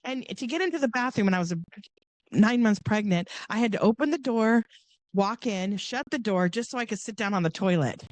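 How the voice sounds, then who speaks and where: A woman's voice: brisk, no echo. Middle-aged woman telling a story on a podcast, voice jumps around a lot, dry close mic. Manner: animated, acts out quoted voices with big pitch jumps. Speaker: podcast guest. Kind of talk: casual storytelling.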